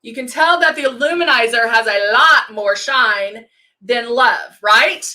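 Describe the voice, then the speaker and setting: As she works on her makeup live stream, a middle-aged woman keeps up casual demo chat and calls out viewers by name. Her voice is a little high and a little slow, with a sharp tone.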